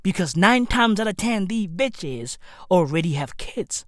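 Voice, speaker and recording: A man hosting a comedy podcast, ranting in a profane, excitable way with incredulous outbursts. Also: high-pitched, measured pace, no echo, clean studio sound. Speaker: podcast host. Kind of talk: comedic rant.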